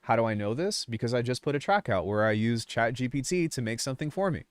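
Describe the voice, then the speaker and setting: A young music producer YouTuber goes on a casual livestream rant, fired up and swearing constantly as he rambles. His mid-range voice is animated and quick, with a clean tone on a dry mic and no echo.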